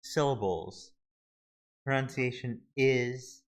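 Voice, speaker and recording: A man walking viewers through a website search tool in a halting, casual screen-recorded tutorial, often restarting his sentences. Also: mid-range voice, fairly even intonation, a bit bright, poor audio. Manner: halting, many restarts and fillers. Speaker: video tutorial host.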